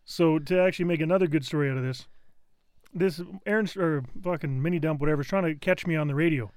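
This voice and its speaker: A man with a high, smooth voice, rattling off profane stories at speed. He sounds like a podcast co-host joking with friends, recorded close on a dry mic. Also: quick pace, no room sound. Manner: profane, animated storyteller. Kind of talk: crude casual storytelling. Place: indoor room around a table.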